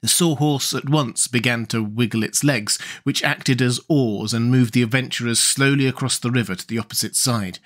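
Man, audiobook narrator, storybook reading, measured, expressive, mid pitch.

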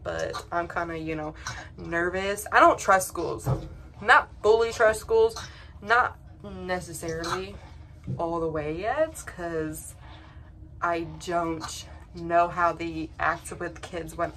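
A woman's voice: on the low side, bright, forceful tone, a little hiss or hum. A young woman chatting casually to her vlog audience, rambling and emotional with lots of fillers and restarts. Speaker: vlogger.

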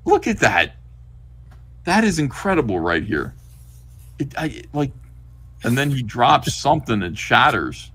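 A man's voice: medium pitch, unhurried, long pauses. A man hosting a casual comic review stream, talking animatedly and reading panels aloud. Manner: animated, reads comic dialogue aloud in acted voices. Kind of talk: casual chat on a livestream.

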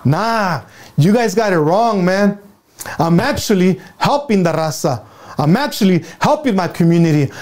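A man's voice: sits high, animated, normal speed, darkish tone. A man in his thirties from San Jose, telling his own life story as an interview guest in a blunt, profane way, driving his points home by repeating them. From San Jose, California. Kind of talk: candid personal storytelling.

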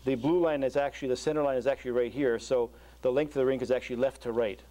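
A man, a structural engineer, giving a university lecture over slides, talking in a halting way with many fillers and restarts. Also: mid-range voice, steady tone, mellow. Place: lecture hall.

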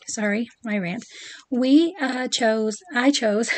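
A woman's voice: on the high side, normal speed, dry recording. A middle-aged woman chatting casually to camera about her pin collection, with many ums and asides.

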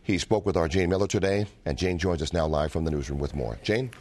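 A man with a lowish voice anchors a TV newscast. He speaks steadily, with smooth studio handoffs. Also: fast talker, a little mellow. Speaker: news anchor. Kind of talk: news anchoring.

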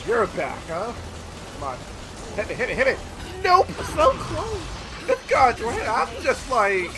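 A man giving casual gameplay commentary, rambling and excitable, swearing loudly at the game. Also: very high-pitched, measured pace, a crowd in the background, poor audio. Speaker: gameplay streamer. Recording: loud game music behind voice. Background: game music and sound effects.

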